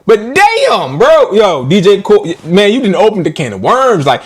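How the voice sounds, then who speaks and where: A man ranting casually to his live stream viewers in an animated, slangy way, often laughing. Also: high voice, moderate pace, slightly rough.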